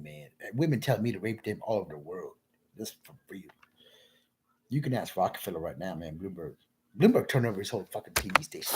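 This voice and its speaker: A man's voice: low-pitched, a little hiss or hum. A man talking in a rambling solo monologue, drifting from thought to thought and calling the listener "man.".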